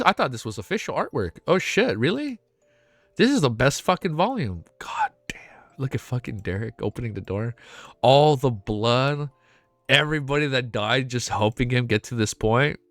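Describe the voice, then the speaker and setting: A man reacting live on stream, excitable and emotional, cursing often as he talks to chat. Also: medium pitch, normal speed, no room sound, soft background music. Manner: excitable, swears a lot, emotional. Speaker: streamer reacting to web novel fan art.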